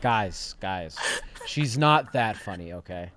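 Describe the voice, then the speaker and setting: A man hosting a casual online chat show, animated, teasing and slangy. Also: on the low side, slow, slight background noise. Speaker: host.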